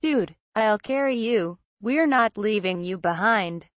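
A woman's voice: medium pitch, lively intonation, takes it slowly, dry recording. A woman voicing a brave, stubborn young man who speaks defiantly. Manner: defiant, demanding.

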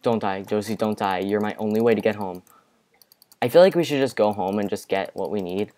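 A young man giving casual let's-play commentary from his bedroom, excitable, with panicky outbursts and repeated exclamations. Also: lowish voice, a little fast. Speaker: gaming video creator. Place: home bedroom.

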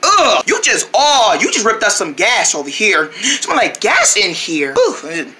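Bright animated young-sounding voice. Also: medium pitch, unhurried, a little hiss or hum. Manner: squabbling, playground taunts and pleading.

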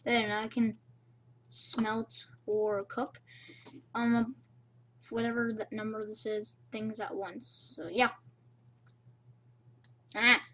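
A young woman casually commenting on her own gameplay, rambling and playful, recorded on a cheap low-quality mic. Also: flat delivery, slow pace, long pauses, fairly bright tone, a little hiss or hum. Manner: rambling, playful, self-chatting. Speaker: gamer.

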